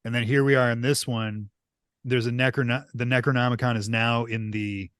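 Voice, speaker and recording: A man co-hosts a casual podcast, speaking at an average middle pitch. He is easygoing and agreeable, dropping quick interjections as he talks movies. His voice is dry and close, without room echo. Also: steady tone, fairly bright tone, clear, resonant tone. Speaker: podcast co-host. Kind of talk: casual chat about horror movies.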